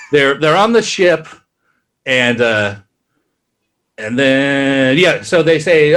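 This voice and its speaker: A man co-hosting a podcast, casually recapping a plot in a rambling way and acting out characters' lines in quick asides. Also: medium pitch, expressive, fairly bright tone. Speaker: podcast co-host.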